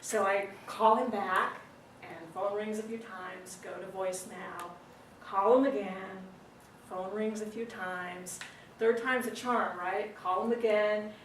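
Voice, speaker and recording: Woman, dramatic storytelling speech, animated, pauses for effect, distant mic, roomy meeting room. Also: mid-range voice, slight background noise. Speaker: club speaker. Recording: roomy distant recording with faint ambience.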